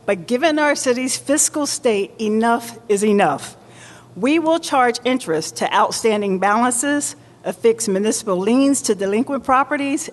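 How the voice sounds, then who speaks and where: A woman mayor giving a formal public address with deliberate, emphatic oratory in a large indoor market hall. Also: fairly high pitch. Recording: long reverb of a large hall.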